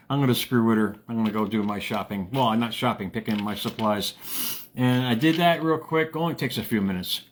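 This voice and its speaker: A man hosting a motivational live stream, telling a story in a casual, jokey way with big jumps in his voice. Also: slight background noise. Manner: animated, jokey, acts out quotes with big pitch jumps. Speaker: motivational radio host.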